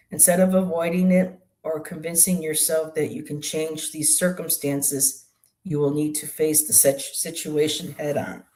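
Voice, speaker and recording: Slow, musing tarot reader. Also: medium pitch, darkish tone. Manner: musing, hesitant, many ums and restarts; explains card meanings aloud. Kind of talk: live tarot reading.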